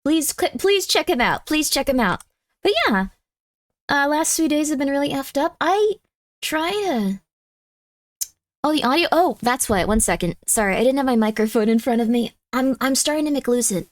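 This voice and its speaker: A woman's voice: high voice, lively intonation, normal speed, no echo, studio quality. A young adult woman streamer chatting casually with her viewers in a rambling, talkative way. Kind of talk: casual live-stream chat.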